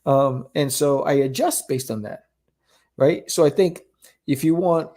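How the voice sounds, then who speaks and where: A man talking in a casual podcast conversation about selling his comics, animated and ending points with a quick question. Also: a little high. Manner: animated, keeps asking "right?". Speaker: comic creator guest.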